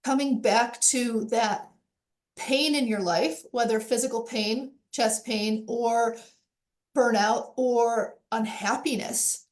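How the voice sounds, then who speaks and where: Earnest woman with a fairly high voice. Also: steady tone, slow. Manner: earnest, repeats phrases for emphasis. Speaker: panel guest. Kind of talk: reflective panel talk.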